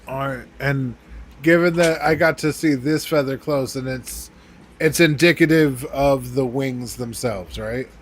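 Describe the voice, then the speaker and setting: A man playing in a tabletop game, chatting casually, excitable and quick to cheer and swear. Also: mid-range voice, a little hiss or hum. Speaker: player.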